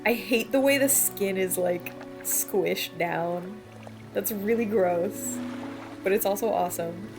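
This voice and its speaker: A woman's voice: mid-range voice, slow, music in the background. A woman streaming a video game, reading the in-game descriptions aloud and then reacting to them with laughs and disgust. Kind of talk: let's play, reading game text aloud.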